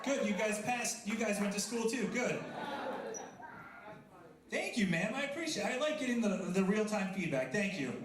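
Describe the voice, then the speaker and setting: High-voiced male stand-up comic. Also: lively intonation, moderate pace, long pauses, background noise. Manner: chatty, self-deprecating, banters with the crowd. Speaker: stand-up comedian. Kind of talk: stand-up comedy set. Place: coffee house stage with a live audience. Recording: echoey room with audible crowd.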